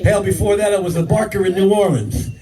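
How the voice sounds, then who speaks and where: A man's voice: high-pitched, fairly even intonation, fairly quick. An older man doing a stand-up comedy set, crude and brash, talking straight to the crowd. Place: live comedy club. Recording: distant mic, loud crowd laughter.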